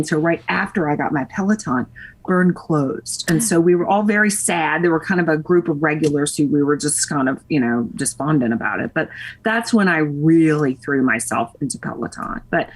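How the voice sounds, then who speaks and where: Lady on a podcast, middle-aged, rambling story, does little voices for people she quotes. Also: lowish voice. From Nashville, Tennessee. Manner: chatty storyteller, acts out quoted lines, laughs often. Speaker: interview guest. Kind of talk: casual chat.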